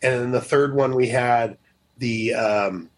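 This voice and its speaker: A man's voice: medium pitch, slow pace, low-quality recording. A man co-hosting a podcast in casual chat. He rambles, restarts often, and laughs easily. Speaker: podcast co-host.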